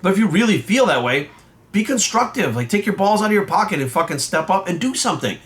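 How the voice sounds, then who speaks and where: Fast, heated, profane man ranting. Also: high voice, sing-song, a bit bright. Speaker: bodybuilding coach and judge. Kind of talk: profane ranting vlog monologue.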